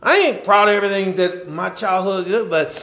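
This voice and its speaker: A male pastor preaching a sermon, swinging from loud shouting to quiet asides, with colloquial talk and lots of repeated words. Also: sits high, brisk.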